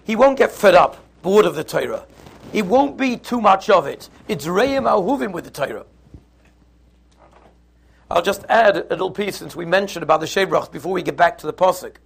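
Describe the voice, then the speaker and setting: A man teaching a Torah class, lively and conversational, who acts out little scenes in voices. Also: high-pitched, normal speed, creaky, husky. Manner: animated, acts out the quarrel in put-on voices.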